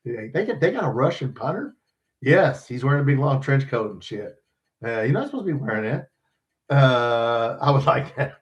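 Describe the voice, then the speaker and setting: A man's voice: mid-range voice, lively intonation, normal speed. A man hosting a casual sports podcast, rambling and joking with profanity. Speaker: podcast host.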